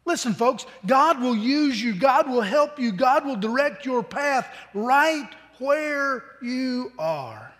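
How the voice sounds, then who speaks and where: A man's voice: extremely high pitch, animated, takes it slowly, hardly any pauses, fairly bright tone. A man preaching a sermon in an earnest, conversational way, often repeating words as he goes. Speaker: pastor. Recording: long hall reverb.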